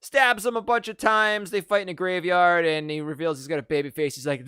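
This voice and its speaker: A man's voice: high voice, fairly even intonation, fairly quick, hardly any pauses, sharp tone, clean tone, no room sound, studio quality. A man hosting a casual movie podcast, recapping the plot in a rambling way with lots of fillers. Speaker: podcast host.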